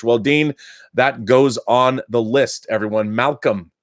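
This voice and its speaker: Middle-aged guy rambling excitedly on his live stream, dry close sound, lots of restarts. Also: mid-range voice, a little slow, dry recording. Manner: chatty, enthusiastic, frequent restarts and fillers. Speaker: live show host reading viewer letters. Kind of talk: casual live-stream chat.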